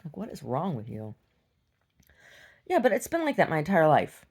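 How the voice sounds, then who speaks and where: A young adult woman telling a story in a casual, animated vlog rant, laughing and swinging between loud outbursts and hushed asides. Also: sits low, normal speed, breathy edge. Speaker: vlogger.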